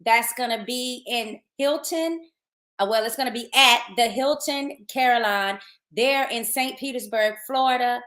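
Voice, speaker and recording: Woman podcast host, upbeat and chatty, highish bright voice, echoey room. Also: unhurried. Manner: chatty, upbeat, loose restarts. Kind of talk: casual podcast chat and event promo. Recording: roomy echoey sound.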